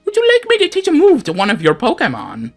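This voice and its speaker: A man voicing a high-pitched old woman villager in a shrill, strained falsetto. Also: wildly swooping pitch, fast talker, faint music behind, full character voice. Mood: storytelling.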